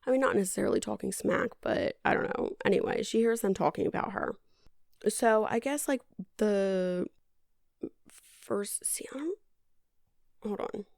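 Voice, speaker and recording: Slow-talking woman with a gravelly voice. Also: medium pitch, darkish tone, dry recording. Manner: dry, sarcastic, rambling with many likes. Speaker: podcast host, movie reviewer. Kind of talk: casual movie recap.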